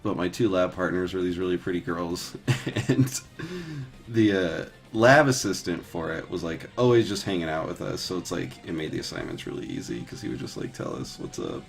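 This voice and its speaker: Rambling laid-back man, slightly low voice. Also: lively intonation, moderate pace, creaky, faint music behind. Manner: rambling, filler-heavy, swears and laughs easily. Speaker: 3D artist streaming his texturing work. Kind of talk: casual chat while painting live.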